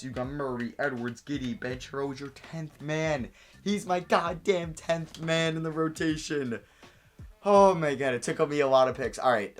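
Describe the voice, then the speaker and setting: Brief: young adult gamer narrating a basketball sim, excitable, begging and cheering, faint music underneath. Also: medium pitch. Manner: excitable, pleading and cheering at the screen. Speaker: gaming video creator. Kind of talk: excited gameplay commentary.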